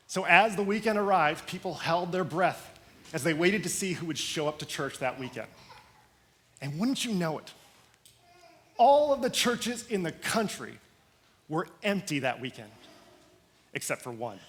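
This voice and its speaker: A male pastor preaches in a storytelling style, leaning into dramatic pauses and shifting emphasis. His voice sits high for a man. The delivery is lively and expressive. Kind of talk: sermon storytelling.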